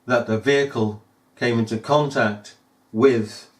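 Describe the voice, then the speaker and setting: A man's voice: mid-range voice, fairly even intonation, a little slow. A man giving scornful, emphatic commentary over news footage, full of rhetorical questions. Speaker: video commentator.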